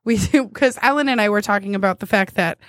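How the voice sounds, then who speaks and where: A woman co-hosting a show in casual chat, playful and teasing, quick to laugh. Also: medium pitch, fairly bright tone, no room sound, studio quality. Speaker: radio show co-host.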